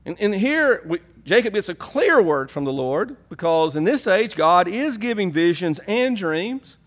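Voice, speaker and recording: A man's voice: high-pitched, sing-song, unhurried, fairly bright tone. A man preaching a sermon as pastor, emphatic, asking questions and repeating his key points.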